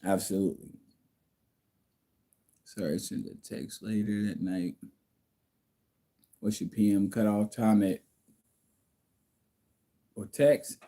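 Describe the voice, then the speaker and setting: A man's voice: lowish voice, steady tone, slow pace, pauses often, dark tone. A man hosting a casual livestream from home, reading viewer comments and answering them bluntly, like a lecture.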